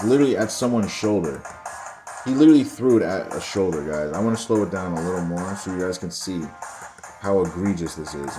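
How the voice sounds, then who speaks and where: Young guy, low voice, exasperated rants over replay clips, faint music behind. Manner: exasperated ranting, keeps addressing viewers as guys and bro. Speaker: football commentary channel host. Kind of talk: casual video commentary over game footage.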